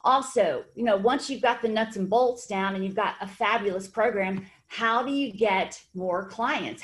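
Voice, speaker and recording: A woman hosting a webinar for fitness trainers, with an upbeat, encouraging, conversational manner. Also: medium pitch. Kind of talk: webinar presentation.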